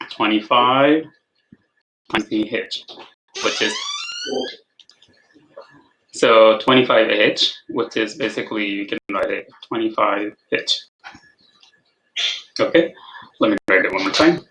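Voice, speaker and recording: A man's voice: fairly low pitch, a bit bright, slight background noise, rough recording. A man tutoring algebra over a video call, patient, repeating his prompts and checking for understanding. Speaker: math tutor. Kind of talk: online tutoring session.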